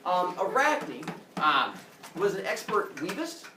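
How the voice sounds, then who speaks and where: A young male teacher tells myths to his class with a lively, swooping voice and playful sound effects. His voice sits a bit high for a man. The classroom is echoey, with faint room noise, and the camera picks him up from afar. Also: slow, distant mic. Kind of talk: animated classroom storytelling.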